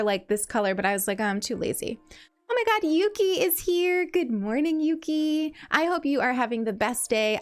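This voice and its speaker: A young woman from New York with a light New York accent, chatting casually with her stream audience while she plays, bubbly and quick to laugh. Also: fairly high pitch, fairly bright tone. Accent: New York, softened. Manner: bubbly, chatty, laughs often, restarts words. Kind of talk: casual chat while gaming.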